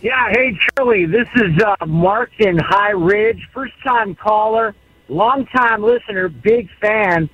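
A man voicing a folksy fake caller with a put-on Southern accent, complaining in a slow, mock-earnest way on a voicemail line. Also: sits high, fairly bright tone, dry recording, soft background music, voice pushed up, full character voice. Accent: put-on Southern American. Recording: dull voicemail playback.

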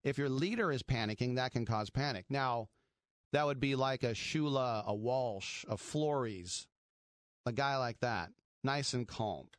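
A man's voice: medium pitch, unhurried, no room sound, clean studio sound. Wry, chatty man on sports radio. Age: middle-aged. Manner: chatty, wry, rambling, laughs at his own jokes. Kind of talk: casual sports talk radio.

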